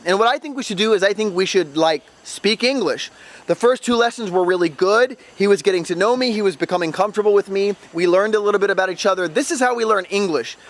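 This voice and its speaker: A man with a high-pitched voice recounts a story in casual vlog style. He talks emphatically and sounds exasperated, and his delivery builds to outbursts. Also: fairly bright tone. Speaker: travel vlogger and former ESL tutor.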